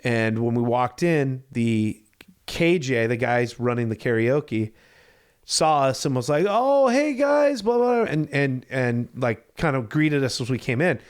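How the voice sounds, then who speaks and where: A man's voice: mid-range voice, unhurried, clean tone. A man in his thirties, a podcast co-host, casually telling a story and acting out the voices of the people in it. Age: 30s. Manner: animated storyteller, acts out quoted voices.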